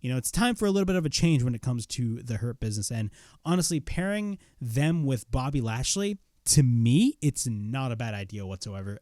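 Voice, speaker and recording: A young man giving a casual spoken wrestling review, blunt and excitable, swearing freely. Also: mid-range voice, no room sound, studio quality.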